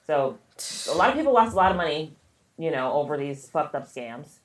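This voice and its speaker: A woman's voice: deep voice, big pitch swings, a little fast, reverberant, a little hiss or hum. A woman co-hosting a podcast, casually retelling a story with lots of fillers and swearing. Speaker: podcast co-host. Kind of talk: casual chat.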